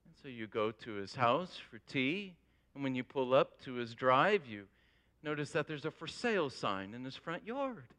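A man preaching a sermon as a pastor, telling an animated illustration to his congregation with rising emphasis. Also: medium pitch, normal speed.

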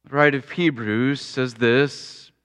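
A man preaching a sermon, his voice smooth and resonant. He takes his time over every phrase, then climbs into fervent exclamations. He is an unhurried, deliberate preacher. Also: medium pitch, fairly even intonation, a bit bright. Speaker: pastor.

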